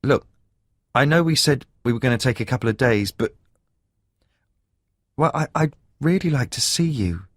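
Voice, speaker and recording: A man voicing a shy, nervous young woman who speaks haltingly on the phone. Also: mid-range voice, lively intonation, no echo, lightly acted. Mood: hesitant. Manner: hesitant, halting speech.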